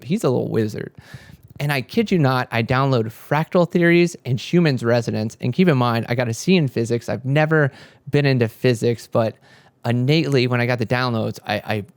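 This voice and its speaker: Recorded dry, a young spiritual content creator speaks a little fast in a mid-range voice. He tells a spiritual story in a rambling, casual manner, with frequent profanity and animated reenactments of himself and his friends.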